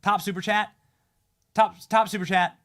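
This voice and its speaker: A man hosting a live-streamed talk show from a studio, speaking in excitable casual chat and often repeating and restarting his phrases as he hypes guests. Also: high-pitched, normal speed. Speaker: political talk show host.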